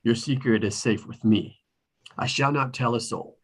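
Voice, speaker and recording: A man reading a charming, teasing young aristocrat at a table read, with a husky voice. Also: medium pitch, moderate pace.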